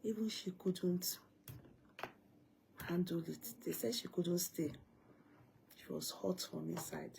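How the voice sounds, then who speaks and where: Grieving woman, Nigerian accent, low gravelly voice, halting subdued livestream chat. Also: mellow, slight background noise. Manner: halting, subdued, breaking off mid-sentence. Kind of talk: late-night livestream chat.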